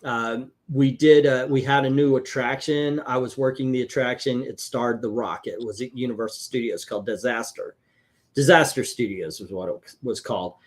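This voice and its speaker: A man hosting a casual comic book review chat, talking in an animated, chatty way and laughing easily. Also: medium pitch, normal speed. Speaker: comic book show host.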